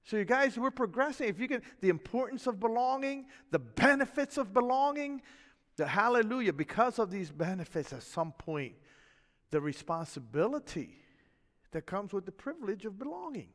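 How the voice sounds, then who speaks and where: A man preaching from the pulpit, his voice set high for a man and swinging widely in pitch. He talks in a folksy, animated way, dropping chuckles and asides to the congregation. The long reverb of a church sanctuary trails after each phrase. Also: normal speed. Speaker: pastor. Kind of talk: sermon.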